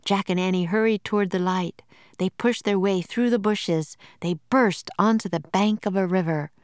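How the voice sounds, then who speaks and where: A woman narrating a children's storybook in a slow, measured and clear manner. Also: medium pitch, a little mellow, no room sound, clean studio sound.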